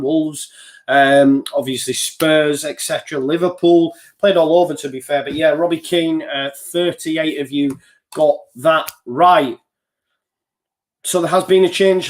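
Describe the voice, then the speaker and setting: Man, casual live quiz host, fairly high voice, chatty and self-deprecating. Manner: chatty, reads answer options in a steady list; loose and self-deprecating, with small slips. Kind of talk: live online quiz hosting.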